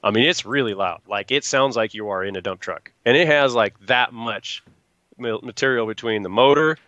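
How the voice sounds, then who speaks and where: A man's voice: mid-range voice, moderate pace, bright, forceful tone, no echo, highs cut off. Rambling man telling truck stories. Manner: rambling storyteller acting out quotes. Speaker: guest truck builder. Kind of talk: casual chat.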